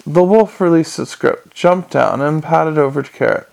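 A man narrating an audiobook in a dry, measured storytelling manner. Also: on the high side, gravelly, darkish tone.

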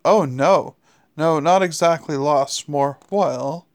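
A man's voice: on the high side, slow. Aziraphale: a man doing a fretful, fussy angel. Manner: anxious, apologetic.

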